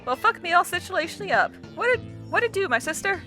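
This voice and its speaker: A woman's voice: very high voice, sing-song, quick pace, bright, forceful tone, soft background music, pitched above the performer's own voice, heavily acted. A woman voicing a drug-addled, laid-back male troll clown from a visual novel, talking in a rambling, slangy drawl full of swearing. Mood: dopey friendly.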